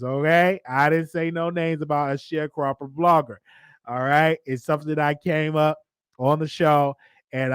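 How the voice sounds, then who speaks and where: A man's voice: a little high, clean tone, dry recording, studio quality. Chatty Southern man hosting a call-in show. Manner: chatty, repetitive, laughs often. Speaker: talk show host. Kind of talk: casual live call-in commentary.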